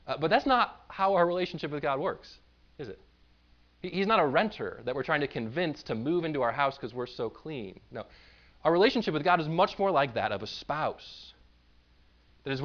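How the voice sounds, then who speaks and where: A man's voice: on the high side, lo-fi sound. A man preaching a sermon in a conversational way, now and then acting out the voices of the people he describes. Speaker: pastor.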